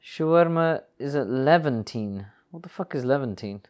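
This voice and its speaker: A man's voice: medium pitch, lively intonation, moderate pace, darkish tone. Brief: male podcast host riffing loosely over a film, jokey and foul-mouthed. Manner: chatty, joking, swears freely. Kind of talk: casual film commentary chat.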